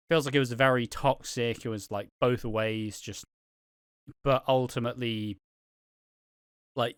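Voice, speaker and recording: A man's voice: medium pitch, a bit bright, no room sound, clean studio sound. A man hosting a casual review podcast, rambling with many fillers and the odd swear word. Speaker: podcast host reviewing a soap opera. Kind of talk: casual chat.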